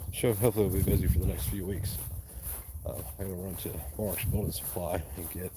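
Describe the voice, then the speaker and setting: A man from East Tennessee, chatting bluntly and profanely as he works on a job site. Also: on the low side. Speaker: handyman vlogger. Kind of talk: casual chat while working. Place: outdoors at a rural work site. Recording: loud outdoor background noise.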